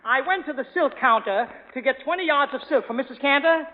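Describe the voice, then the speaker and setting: A man hosting a variety show, telling a comic monologue and trading gags in brisk, punchy bursts. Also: very high voice, lively intonation. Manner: brisk, punchy joke delivery with exclamations. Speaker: host. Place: theater stage before a live audience. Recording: muffled, echoey 1930s radio broadcast with audience.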